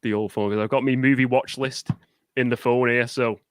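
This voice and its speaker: A man's voice: mid-range voice, steady tone, brisk, dry recording, studio quality. A man as a guest on a live movie chat, talking casually with many restarts and fillers. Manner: hesitant, lots of fillers and restarts. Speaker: guest podcaster.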